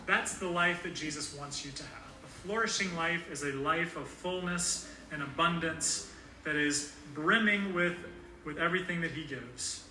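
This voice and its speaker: A man's voice: on the high side, normal speed, noisy background. A man pastor giving a sermon in a church, earnest and conversational, with occasional fillers. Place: church sanctuary. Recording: echoey room heard from a distance.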